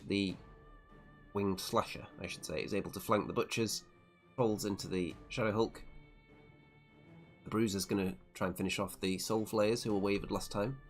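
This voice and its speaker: A man narrating a tabletop wargame tournament report turn by turn, with a wry, self-deprecating play-by-play manner. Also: on the low side. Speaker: tabletop wargame channel host.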